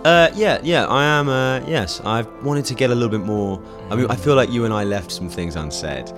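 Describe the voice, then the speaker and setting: A man's voice: medium pitch, expressive, a little fast, over music. Laughing, hesitant man at a game table. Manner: hesitant, laughs often, many fillers. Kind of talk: casual chat.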